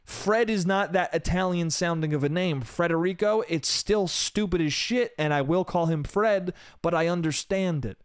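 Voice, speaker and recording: A man's voice: high voice, normal speed, hardly any pauses, clean tone, no room sound, clean studio sound. A young man hosting a solo podcast, telling a story in a casual, profane style full of "bro" and "dude".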